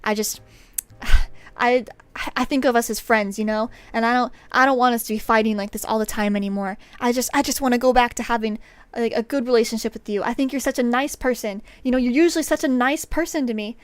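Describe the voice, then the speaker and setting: A man's voice: extremely high pitch, normal speed, fairly bright tone, dry recording. A woman mimicking a childish older male coworker in a whiny, rambling way while telling a story. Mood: pleading.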